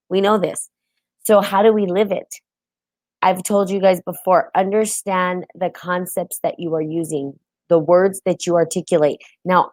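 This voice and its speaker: A woman's voice: lowish voice, darkish tone, dry recording. A woman hosting a live-streamed spiritual talk, chatting casually, often asking "right?" and greeting viewers as she goes.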